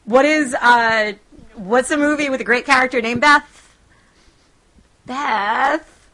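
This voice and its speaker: A woman's voice: high-pitched, rough recording. A young woman co-hosting a podcast, chatting casually and animatedly, often acting out little scenes. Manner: chatty, animated, acts out scenes in quick bursts. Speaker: podcast co-host. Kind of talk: casual chat.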